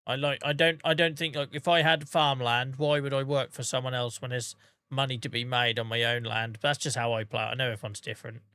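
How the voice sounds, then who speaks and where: A man's voice: mid-range voice, flat delivery, a little fast, pushed and bright, clean tone, no room sound. A man streaming a game, chatting casually with his viewers by name and humming to himself between remarks. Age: adult with a day job. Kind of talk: casual livestream chat while gaming.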